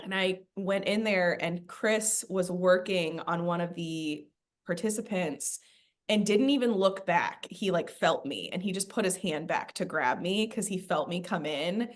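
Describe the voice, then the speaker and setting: A woman's voice: lowish voice, a little slow. A woman in casual podcast chat, telling a spiritual story with a rambling manner and lots of "like" fillers.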